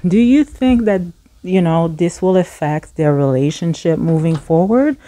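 Woman, entertainment commentator, chatty, very low voice, mellow tone. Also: animated, unhurried. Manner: chatty, addresses viewers directly. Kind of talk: casual commentary.

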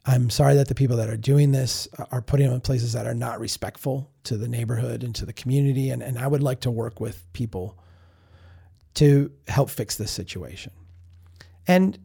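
Gravelly, husky-voiced man telling a story. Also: medium pitch, moderate pace, mellow. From Minnesota. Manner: candid, self-reflective, with frequent restarts and repeated words. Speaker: podcast host. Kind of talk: casual storytelling monologue.

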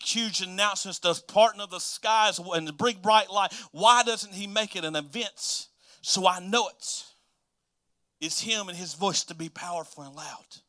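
High, bright-voiced preaching pastor. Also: male voice. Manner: swings between hushed, soft delivery and loud, emphatic preaching; repetitive, rhythmic preaching phrases. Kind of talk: sermon.

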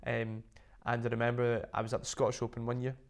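A man being interviewed as a guest, telling stories in a lively way and filling his speech with "like". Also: medium pitch, fast talker. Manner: animated storytelling, full of "like" fillers. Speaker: interview guest, business owner. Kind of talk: casual interview chat.

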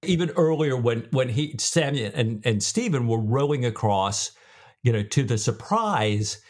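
A man's voice: medium pitch, lively intonation, measured pace. A man co-hosting a casual book podcast, retelling scenes and reacting with enthusiasm. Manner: enthusiastic, exclaims often. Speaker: podcast co-host.

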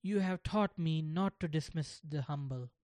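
A firm schoolteacher speaks slowly and asks pointed questions, voiced by the narrator of a storybook. The sound is dry and close. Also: medium pitch, darkish tone, no echo, lightly acted. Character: schoolteacher, stern then humbled.

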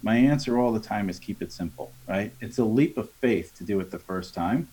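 Brisk and mellow with a breathy edge, a man with a lowish voice and lively intonation talks sales with contractors in a chatty podcast interview. He coaches, role-plays customer conversations, and keeps saying "right?".

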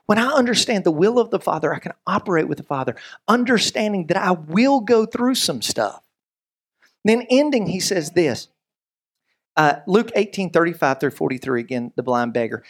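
A man giving a sermon as a pastor. He tells stories with lively humor and often drifts into asides. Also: high-pitched, normal speed, husky. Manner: lively, joking storyteller with frequent asides.

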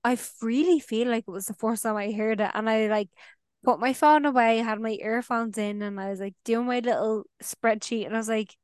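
A young woman, co-hosting a podcast in casual chat, chatty and laughing easily between quick asides. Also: on the high side, fairly even intonation, clear, resonant tone, no room sound, clean studio sound. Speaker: podcast co-host.

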